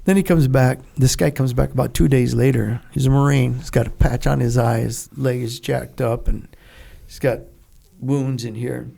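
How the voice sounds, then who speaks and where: A man's voice: medium pitch, fairly even intonation, normal speed, vocal fry, hardly any pauses, dark tone. A man in his seventies, a guest on an interview show, telling blunt, profane stories in a casual way and acting out the dialogue as he goes. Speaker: guest, Vietnam veteran.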